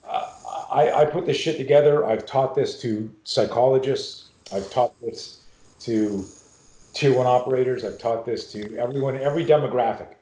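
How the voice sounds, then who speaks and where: A man's voice: medium pitch, dark tone. Intense, profane middle-aged man in an echoey room. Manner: intense, profane, emphatic storytelling. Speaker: self-defense expert guest. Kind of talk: podcast interview.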